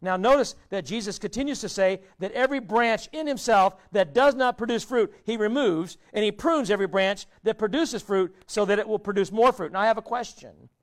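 A man pastor delivering a sermon, pleading and rhetorical, swinging between loud appeals and hushed quiet asides. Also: high voice, brisk, hardly any pauses.

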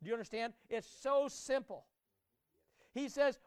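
A man preaching a sermon to his congregation, emphatic and direct, often repeating his words and rising to loud climaxes. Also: high-pitched, big pitch swings, unhurried, a little hiss or hum. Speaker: pastor.

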